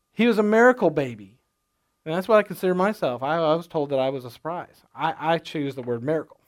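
A middle-aged man preaches from the pulpit in an easygoing, conversational way. His voice sits a little higher than most men's. He often restarts his sentences as he weaves personal stories into the sermon. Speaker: pastor.

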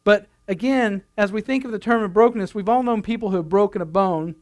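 A man with a notably high voice delivering a sermon. He speaks earnestly, leaning on repeated phrases to drive his points home. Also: fairly quick. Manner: earnest, building emphasis, repeats phrases for effect. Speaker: pastor.

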